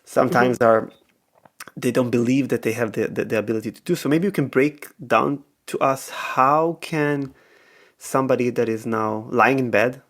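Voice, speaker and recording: A man hosting a podcast interview, asking long questions in a halting way while he searches for words. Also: mid-range voice, fairly bright tone. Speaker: podcast host.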